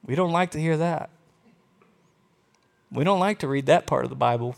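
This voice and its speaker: A man preaching a sermon, telling Bible stories with animated quoted voices. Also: on the high side, normal speed, gravelly, long pauses. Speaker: pastor. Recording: long reverb of a large hall.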